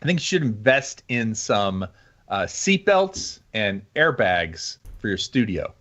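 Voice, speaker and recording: A man's voice: lowish voice, sing-song, takes it slowly, fairly bright tone, lo-fi sound. A man co-hosting a live stream, bantering casually with playful quips. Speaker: guest co-host.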